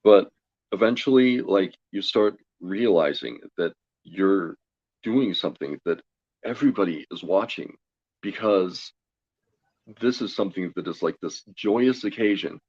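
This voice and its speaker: Low-voiced man telling a story, laughing often. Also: animated, measured pace, a little mellow, breathy edge, no room sound, lo-fi sound. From Colorado. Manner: chatty, laughs often, quotes himself and others. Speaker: guest, tarot reader. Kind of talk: casual storytelling interview.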